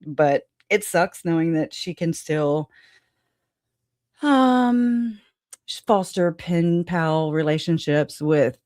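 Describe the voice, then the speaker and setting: A woman's voice: deep voice, darkish tone, no room sound. Casual rambly woman streamer, swears n laughs a lot, dry room. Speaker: livestream host. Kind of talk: casual livestream chat.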